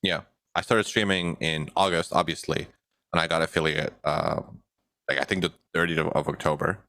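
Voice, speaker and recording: A young man co-hosting a podcast in a relaxed, chuckling chat full of fillers. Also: rumbling low, normal speed, dry recording. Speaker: podcast co-host and editor.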